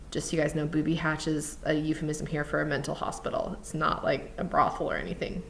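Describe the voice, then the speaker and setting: A woman's voice: deep voice, little pitch movement, fast talker, creaky, few pauses, roomy sound. A woman teacher reading a novel aloud and stopping to explain it in conversational asides.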